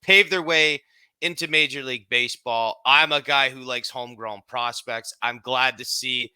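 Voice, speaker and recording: Laid back canadian dude rambling on a baseball podcast, super bright clear voice, dry mic. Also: male voice, mid-range voice, moderate pace, no room sound. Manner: rambling, relaxed, lots of fillers and restarts. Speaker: podcast co-host. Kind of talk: casual sports podcast chat.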